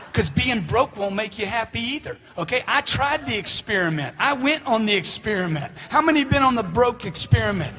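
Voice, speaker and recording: A middle-aged man giving a forceful, preachy motivational seminar talk, firing questions at the crowd. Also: very high voice, lively intonation, a little fast, hardly any pauses, noisy background. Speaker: motivational speaker.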